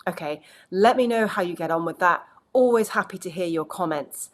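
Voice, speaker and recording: A woman's voice: lowish voice, moderate pace. A woman giving an earnest, reassuring coaching talk to camera in a conversational way, checking in with the listener. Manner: conversational, many "you know" fillers.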